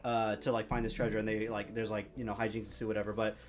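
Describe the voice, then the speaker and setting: A man hosting a podcast, chatting casually and telling lively stories with playful voices for the people in them. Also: lowish voice, quick pace. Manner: animated storyteller, playful voices for quoted people, laughs easily. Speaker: podcast host. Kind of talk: casual chat.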